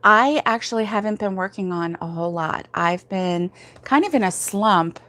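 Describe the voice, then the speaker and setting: A woman's voice: medium pitch, lively intonation, normal speed, a bit bright, no echo. A woman hosting a casual crochet livestream, rambling and laughing as she answers viewers' comments, sleepy and yawning, talking from home. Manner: chatty and rambling, many fillers, laughs often.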